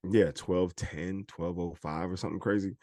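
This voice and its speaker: A man co-hosting a podcast in easygoing chat. He has a low voice, uses plenty of slang and repeats his points for emphasis. The recording is dry and close. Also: fairly even intonation, normal speed, mellow, no room sound. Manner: laid-back, uses slang, drawls with emphatic repetition. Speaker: podcast co-host. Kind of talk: casual chat.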